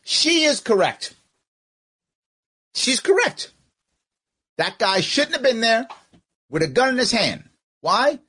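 Husky sarcastic man with lively pitch. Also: slow, pauses often. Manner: sarcastic, argues back at the clip. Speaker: political commentator. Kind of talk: mocking commentary over a clip.

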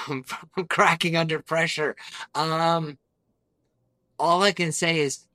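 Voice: medium pitch, steady tone, slow pace, pauses often, bright, forceful tone. A student in an accent lesson, self-deprecating and nervously laughing about getting it wrong. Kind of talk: casual lesson conversation.

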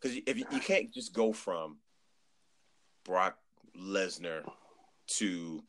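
Animated low-voiced man telling a story. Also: takes it slowly, slight background noise. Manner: animated storyteller, acts out quotes, repeats words. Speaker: podcast guest. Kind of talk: casual chat.

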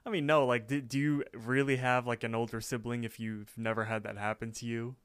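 Smooth, dry-sounding young man. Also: mid-range voice, little pitch movement, a little fast, a bit bright, no room sound. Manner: easygoing, chuckles often. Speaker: podcast co-host. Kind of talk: casual chat recapping a cartoon episode. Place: apartment.

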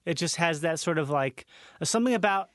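A man hosting a casual comedic chat, teasing his guest with quick asides. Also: fairly high pitch, animated, fairly bright tone, no room sound, clean studio sound.

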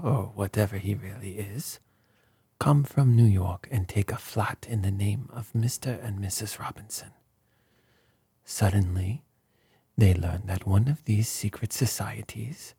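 A man's voice: lowish voice, vocal fry, darkish tone, slightly rough, dry recording, full character voice. A man voicing a fussy, precise older male detective who speaks formally with mild reproach.

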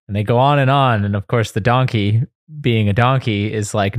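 A man co-hosting a podcast who tells an old fable in a relaxed, easygoing way. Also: on the low side, moderate pace, hardly any pauses, dry recording, clean studio sound. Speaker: podcast co-host. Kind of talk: casual chat and storytelling.

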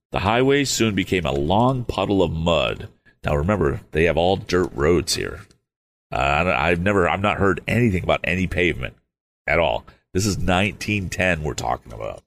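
A man hosting a storytime show, reading a book aloud with relaxed, chatty asides. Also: low voice, normal speed, a little hiss or hum. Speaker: host and storyteller.

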